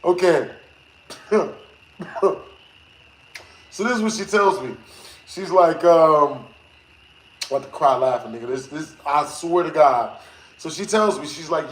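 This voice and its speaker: A man streaming games who tells a story to his chat in a lively, slangy way, laughing often and swearing. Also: on the high side, a little slow, pauses often. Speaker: gaming streamer. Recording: echoey room with faint noise.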